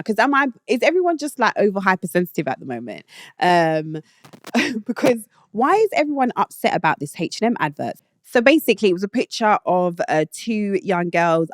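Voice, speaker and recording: A British woman with a lowish voice, talking bluntly and opinionatedly in a casual solo monologue. She speaks into a dry, close mic with no room sound. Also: no room sound. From Britain. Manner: blunt and opinionated, rising to indignant outbursts. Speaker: show host.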